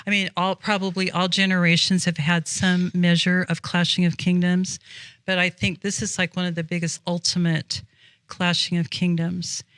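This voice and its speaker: A woman's voice: lowish voice, little pitch movement, moderate pace, a bit bright, no echo. Earnest rambling woman guest. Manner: earnest, rambling, many fillers. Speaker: podcast guest. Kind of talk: casual faith conversation.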